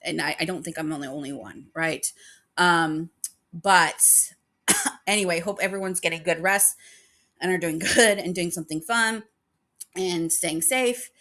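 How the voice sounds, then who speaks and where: A woman's voice: fairly low pitch, measured pace, sharp tone. A woman hosting a paranormal channel, chatting casually and rambling with many fillers, emotional about her dog. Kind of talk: casual chat.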